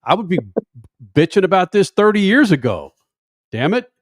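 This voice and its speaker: A man's voice: high voice, very animated, normal speed, no room sound. A man hosting a casual motorsports radio talk show from a studio, brash and flippant and swearing freely.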